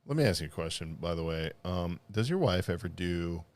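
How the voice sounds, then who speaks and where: A man's voice: deep voice, expressive, brisk. A man co-hosting a podcast in casual chat, rambling with lots of fillers and laughing as he talks. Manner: rambling, filler-heavy, laughs mid-sentence. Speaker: podcast co-host.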